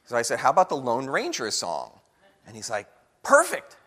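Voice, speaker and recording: A man giving a lively storytelling talk to an audience, acting out the voices of people in his story. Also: mid-range voice, brisk. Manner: animated storyteller acting out quotes. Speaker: guest speaker. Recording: long hall reverb.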